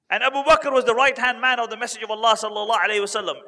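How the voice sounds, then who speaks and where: A man giving a religious talk as a story, repeating key points for emphasis and building to lively retellings. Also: extremely high pitch, very fast, few pauses, long reverb tail. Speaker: Islamic preacher.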